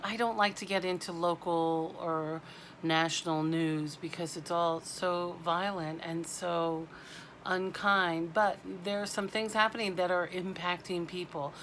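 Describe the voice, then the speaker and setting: A woman giving a spiritual oracle card reading to camera, speaking in a halting, heartfelt way. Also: lowish voice, fairly even intonation, fairly bright tone, slight background noise.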